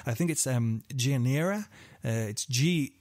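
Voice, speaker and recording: A man's voice: mid-range voice, expressive, measured pace, darkish tone, dry recording, studio quality. Rambling man, casual podcast host. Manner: rambling, full of fillers and asides, swears casually. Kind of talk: casual true-crime podcast chat.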